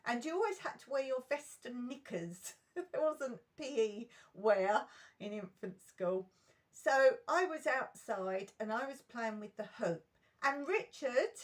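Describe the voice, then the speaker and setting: A middle-aged woman recounting school memories in an emotional, animated storytime vlog. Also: a little high.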